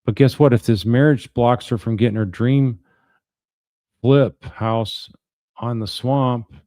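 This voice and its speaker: Man, attorney, casual trial commentary, wry, conversational, dark warm tone. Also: medium pitch, fairly even intonation, slow pace, no echo. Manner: wry, conversational, reads out messages then reacts.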